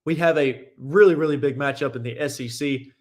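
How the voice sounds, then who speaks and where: A man's voice: mid-range voice, a little fast, darkish tone. A young man hosting a sports talk show, giving casual, opinionated and rambling commentary with frequent restarts.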